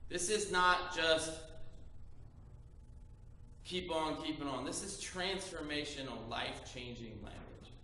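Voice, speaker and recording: A man preaching a sermon as pastor, speaking slowly and emphatically and reading scripture aloud. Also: sits high, sharp tone, a little hiss or hum. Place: church sanctuary. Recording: echoey church from far off.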